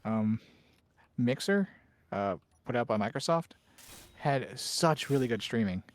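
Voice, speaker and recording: A man's voice: medium pitch, expressive, unhurried, no echo. A man chatting casually while gaming with a friend, cracking dry teasing jokes. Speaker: co-player.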